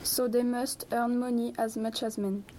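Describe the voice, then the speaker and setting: A woman's voice: on the high side, little pitch movement, moderate pace, mellow, a little hiss or hum, lightly acted. A young woman playing a determined young working mother campaigning for the vote, earnest and indignant in a school role-play debate. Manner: earnest, indignant, scripted phrasing.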